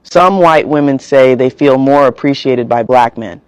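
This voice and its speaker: A man reading a scripted narration in an even, measured way. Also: mid-range voice, clean tone, dry recording, poor audio.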